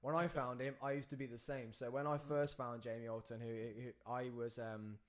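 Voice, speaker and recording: A young man hosts a casual podcast chat, spinning anecdotes in quick bursts. His voice sits at an ordinary middle pitch. He wanders into trailing asides as he talks. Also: steady tone, slight background noise. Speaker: podcast host.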